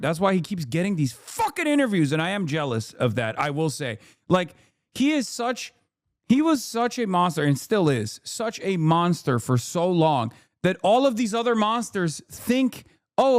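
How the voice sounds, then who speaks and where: A man's voice: high voice, no room sound, studio quality. A man streaming, reacting to a debate clip with profane, sarcastic commentary.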